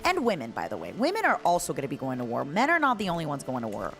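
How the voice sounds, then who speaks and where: Woman game streamer, playful and joking, very expressive pitch. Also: very fast, soft background music. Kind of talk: casual gameplay chat.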